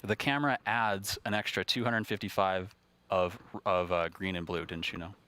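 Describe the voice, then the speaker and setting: A man hosts a live stream off the cuff, chatty and quick to poke fun at himself, often restarting his sentences. His voice sits fairly low and sounds smooth and resonant. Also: fairly even intonation, bright, forceful tone. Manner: chatty, self-deprecating, many restarts. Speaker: livestream host. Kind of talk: ad-libbed live broadcast hosting.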